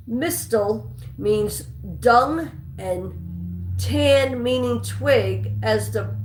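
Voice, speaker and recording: A woman hosting a live-stream trivia game, chatting with viewers and reading questions aloud, sometimes stumbling and restarting a line. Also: on the high side. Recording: echoey room.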